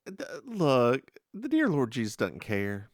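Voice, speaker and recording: A podcast co-host telling stories in casual chat, animated and laughing often. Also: medium pitch, slow pace, no room sound, clean studio sound.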